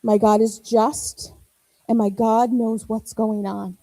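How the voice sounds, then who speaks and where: A woman in her forties delivers a church sermon in a high, mellow voice, drily recorded. She tells personal stories with animation, acting out the voices of the people she quotes. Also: level tone, takes it slowly, no room sound, poor audio. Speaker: preacher.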